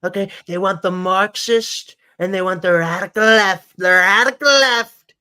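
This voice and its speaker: Comedy impression: man doing a bragging old politician, repetitive and rambling, bright tone. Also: high voice, unhurried, slight background noise, exaggerated voice. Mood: mocking. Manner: repetitive, superlative-heavy, rambling. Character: rambling boastful elderly male politician.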